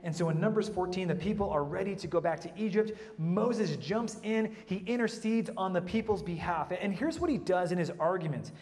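A man preaching a sermon in a lively way, with humorous asides and frequent restarts. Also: high-pitched, a little fast, hardly any pauses, in a large hall.

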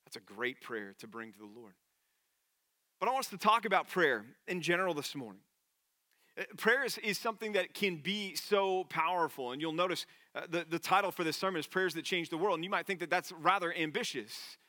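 Bright-voiced man preaching. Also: a little high, animated, a little fast, no echo, clean studio sound. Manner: earnest, conversational preaching. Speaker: pastor. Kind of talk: sermon.

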